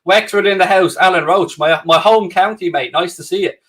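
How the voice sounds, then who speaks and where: A man's voice: high-pitched, brisk, fairly bright tone. Chatty Irish man hosting a livestream. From Ireland. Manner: cheerful, chatty, self-mocking banter. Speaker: livestream host. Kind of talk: casual live chat reading viewer comments.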